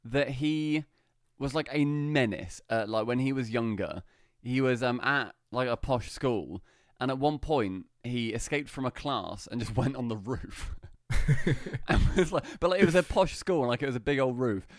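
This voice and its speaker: A man's voice: mid-range voice, normal speed, no echo, studio quality. A man co-hosting a podcast, chatting casually and jokingly, laughing often. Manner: jokey, animated, laughs often. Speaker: podcast co-host. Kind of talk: casual chat.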